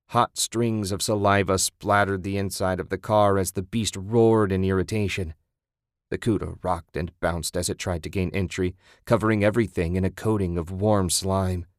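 A man narrating a horror story in a steady, measured reading. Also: on the low side, no echo, studio quality.

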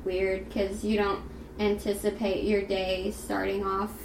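Young female podcast co-host, chatty and rambling, mid pitch, echoey room with faint hiss. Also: monotone, measured pace, darkish tone. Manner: chatty, rambling, lots of "like" and laughs. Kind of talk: casual chat. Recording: roomy sound, faint background noise.

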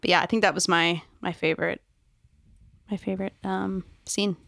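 A woman's voice: medium pitch, fairly even intonation, normal speed, creaky, fairly bright tone, dry recording, studio quality. A woman co-hosting a podcast, chatting playfully and enthusiastically about a TV episode. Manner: enthusiastic, playful, lots of "yeah". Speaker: podcast co-host. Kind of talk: casual TV recap chat.

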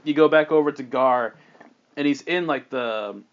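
A man casually pitching a story plot on a comedy podcast, rambling with lots of "like" and quickly acting out characters' lines. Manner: rambling, many "like"s, acts out characters in quick voices, laughs often. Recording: dull lo-fi audio.

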